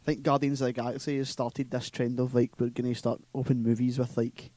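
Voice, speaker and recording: Joking man with a mellow voice. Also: medium pitch, flat delivery, fairly quick. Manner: laughs often, sarcastic asides. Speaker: podcast co-host. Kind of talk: casual chat.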